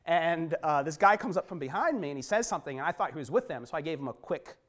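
A man who works as a street preacher, telling stories in a conversational interview, swinging from low and quiet to high and loud. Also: lively intonation, fast. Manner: conversational, many fillers and restarts. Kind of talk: storytelling in an interview.

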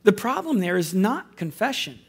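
A man's voice: sits high, sing-song, normal speed, husky. A man preaching as a pastor, earnest and conversational, with wry self-deprecating asides. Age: adult with school-age children. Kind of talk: sermon.

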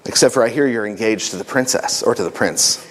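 Dude doing a masked swordsman, mocking and dry, low voice, big echoey hall. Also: quick pace, a little hiss or hum, natural voice.

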